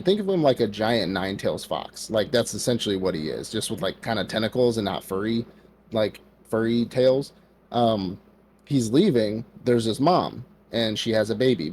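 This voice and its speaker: Lower-voiced man recapping anime casually. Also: darkish tone, slight background noise. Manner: loose storytelling, acts out quotes, many fillers like "like". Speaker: podcast co-host.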